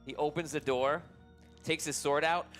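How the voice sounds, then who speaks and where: A man's voice: a little high, fairly even intonation, normal speed, a bit bright, faint music behind. A man narrating as game master, often repeating words as he goes.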